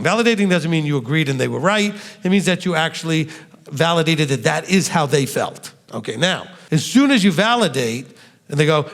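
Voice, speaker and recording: Gravelly, animated man teaching. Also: a little high, big-room sound. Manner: animated, acts out quoted dialogue. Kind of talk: Q&A teaching session.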